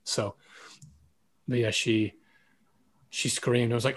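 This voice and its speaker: Husky-voiced man hosting a podcast. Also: on the low side, moderate pace, pauses often. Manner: relaxed and chatty, easy affirmations. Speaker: podcast host. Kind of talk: casual conversational interview.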